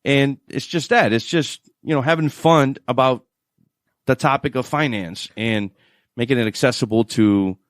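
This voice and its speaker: A man with a New Orleans accent, a financial adviser guest on a radio show, telling stories in an animated way and laughing often. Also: medium pitch, moderate pace, dry recording, studio quality. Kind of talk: radio interview chat.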